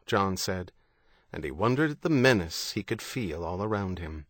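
A man narrating a thriller audiobook in a steady, measured way. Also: low-pitched, no echo. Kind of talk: scripted narration.

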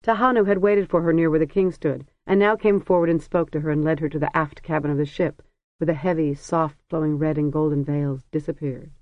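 An audiobook narrator reading a novel in a measured, even storytelling manner. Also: mid-range voice, no room sound, highs cut off. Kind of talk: scripted narration.

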